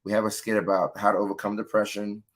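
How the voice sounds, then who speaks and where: A man's voice: fairly low pitch, little pitch movement, fast talker. A man hosting a casual livestream, upbeat, greeting viewers by name and reading their comments aloud. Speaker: livestream host. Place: home setup, lives in California.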